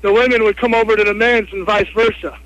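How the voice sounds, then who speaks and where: A man calling in to a radio show, telling a story with lots of hesitant pauses. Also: high-pitched, flat delivery, a bit bright, no room sound, dull audio. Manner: hesitant, many uhs. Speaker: caller. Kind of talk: phone-in story.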